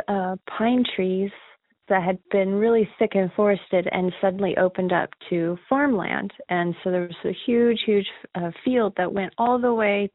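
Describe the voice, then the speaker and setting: A woman's voice: medium pitch, no echo. A woman earnestly recounting a personal ghost encounter, with nervous laughs. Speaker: caller sharing a ghost story. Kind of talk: emotional personal storytelling. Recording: tinny phone line, dry.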